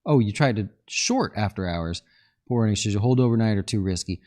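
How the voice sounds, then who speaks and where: Chatty man with a lowish voice. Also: expressive, fairly quick, a little mellow. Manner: chatty, joking, thinks aloud over charts. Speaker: fund manager hosting a market livestream. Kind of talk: casual live market commentary reading viewer chat.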